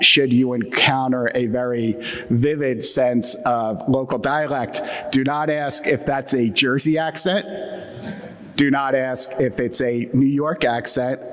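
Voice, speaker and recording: This man, speaking in a Mid-Atlantic American accent from the Atlantic Midland region, gives a humorous, wry keynote before a conference audience with many fillers. His mid-range voice has a fairly bright tone, echoing in a reverberant hall.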